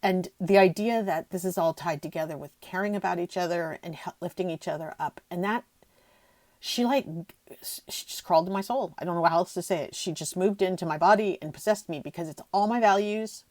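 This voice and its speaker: Middle-aged female podcast host, heartfelt and rambling, lowish voice, dry booth sound. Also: fairly quick, darkish tone, no echo. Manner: emotional, gushing, voice catching near tears; rambling with frequent restarts. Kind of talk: emotional solo podcast talk.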